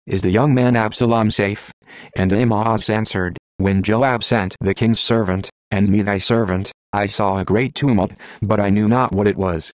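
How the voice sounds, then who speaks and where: A man giving a steady, measured audiobook reading of archaic scripture. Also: on the low side, dry recording. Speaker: scripture reader.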